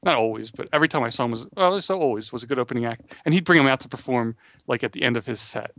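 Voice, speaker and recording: A man co-hosting a casual podcast chat, rambling quickly with frequent restarts. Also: medium pitch, fairly bright tone, no room sound. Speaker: podcast co-host. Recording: dull dry close-mic audio.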